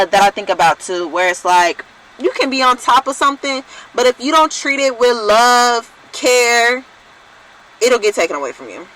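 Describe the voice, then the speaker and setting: A young adult woman talking casually to her viewers in a vlog, rambling, loose and excitable, with some swearing. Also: on the high side, a little hiss or hum, rough recording. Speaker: vlogger.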